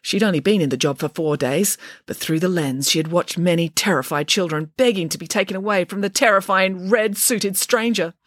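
A woman's voice: lowish voice, a little fast, hardly any pauses, no echo. A woman, the author, reading her own comic children's story aloud in a dry, wry manner.

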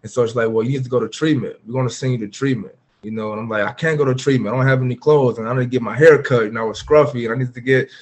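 A man's voice: medium pitch, rapid-fire, hardly any pauses. A man guest on a podcast, candidly recounting a personal story in an earnest, open way with frequent fillers. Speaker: podcast guest, former pro football player.

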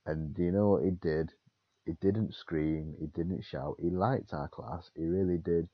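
A young man co-hosting a casual chat, telling animated stories and acting out quotes. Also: deep voice, measured pace, no echo, muffled recording. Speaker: podcast co-host.

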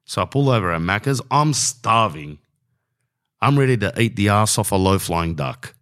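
Australian guy, low-ish voice, loose slangy storyteller, comic exaggeration. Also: lively intonation, moderate pace, a bit bright. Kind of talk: casual storytelling monologue.

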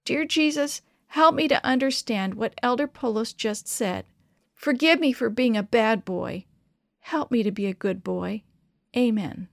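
A woman voicing a stubborn, angry young boy who shouts and refuses. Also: on the high side, measured pace, creaky, no echo, clean studio sound. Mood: tight, pleading. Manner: shouting, defiant.

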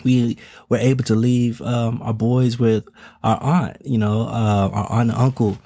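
A man's voice: medium pitch, flat delivery, a little slow, mellow, dry recording, studio quality. A father of twin toddlers speaking in a casual, earnest monologue. He uses slang and repeats words as he talks. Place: home in Texas.

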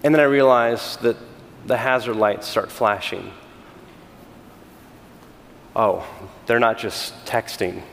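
A middle-aged man from California, a senior pastor giving a conversational sermon with animated, self-deprecating storytelling and frequent restarts. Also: mid-range voice, takes it slowly, gravelly, long pauses, big-room sound, slight background noise.

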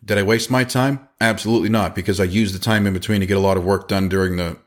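A man in his forties hosting a casual podcast, giving advice with quick asides and a storyteller's energy. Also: sits low, fairly even intonation. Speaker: podcast host and business owner.

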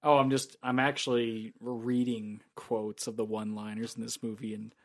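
A man's voice: medium pitch, little pitch movement, moderate pace. Joking man in a casual movie chat. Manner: joking, easily amused.

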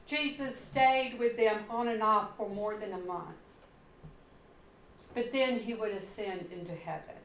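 Slow, dramatic woman pastor in echoey church. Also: mid-range voice, a little hiss or hum. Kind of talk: sermon. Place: church sanctuary.

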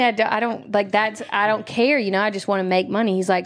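A woman musician on a casual podcast, telling a story with loud acted-out quotes and lively swearing. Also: medium pitch, a little fast.

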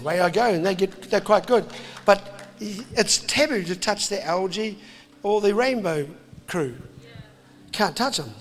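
Brief: high-voiced, jokey New preacher in a reverberant hall. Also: male voice, unhurried. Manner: animated, jokey, puts on voices. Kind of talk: impassioned sermon to a crowd.

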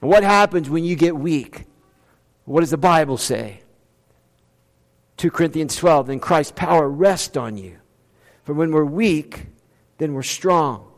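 A pastor preaching a conversational sermon, reading scripture aloud and dropping in humor, with quick bursts and slowed-down emphasis. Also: male voice, fairly high pitch, lively intonation. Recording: long reverb of a large hall.

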